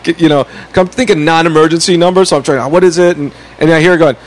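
An animated man on a casual podcast, launching into a long story and acting out every voice in it. His voice sits a little higher than most men's. He swears freely as he talks. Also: quick pace, poor audio. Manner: animated, swears a lot, acts out voices in stories. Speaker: podcast co-host.

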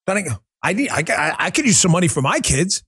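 Lively high-pitched male podcast host. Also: fast, husky. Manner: animated, joking, profane. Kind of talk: political commentary show.

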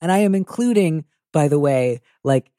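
Man hosting an advice podcast, warm mellow tone, dry close sound, wry and playful. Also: a little high, expressive, normal speed, dry recording. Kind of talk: casual chat.

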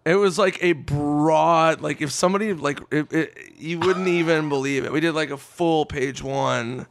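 A man telling a story in casual podcast chat, animated and swearing, acting out what others said. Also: on the high side, normal speed, creaky. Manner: animated, swearing, acts out quotes. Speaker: podcast guest.

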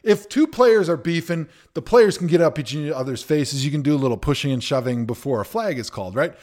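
A man's voice: fairly high pitch, lively intonation, fairly quick, a little mellow. A man co-hosting a sports podcast, giving opinionated takes in a joking, rambling way. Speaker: podcast co-host, former NFL player. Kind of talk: casual sports chat.

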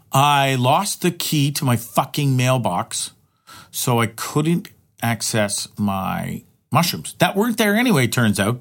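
A man hosting his own podcast in a rambling, profane solo monologue, often restarting his sentences. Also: on the high side. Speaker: podcast host.

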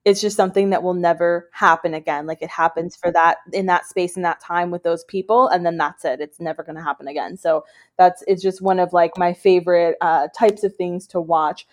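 A woman's voice: fairly low pitch, steady tone, brisk. An American woman hosting a podcast, chatting enthusiastically and peppering her speech with "like.". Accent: American English. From United States. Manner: enthusiastic, uses "like" often. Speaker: podcast host. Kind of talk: casual interview chat.

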